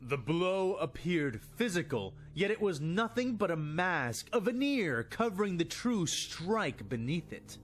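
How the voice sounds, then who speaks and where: Slow, expressive male storyteller. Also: sits high. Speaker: narrator. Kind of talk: scripted narration of fan fiction.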